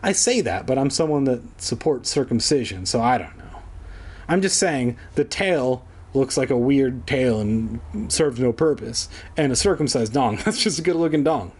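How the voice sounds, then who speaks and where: A man's voice: mid-range voice, lively intonation, moderate pace, a little mellow, breathy edge. A man reading a children's horror book aloud for comedy, breaking off for sarcastic, crude asides. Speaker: comedic reader. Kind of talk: comedic storybook reading with commentary.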